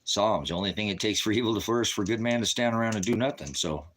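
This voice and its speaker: A man's voice: on the low side, fast, a bit bright, a little hiss or hum. A man who leads a ministry, rambling angrily in a profane monologue and swearing heavily. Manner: rambling, angry, heavy swearing. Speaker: ministry leader.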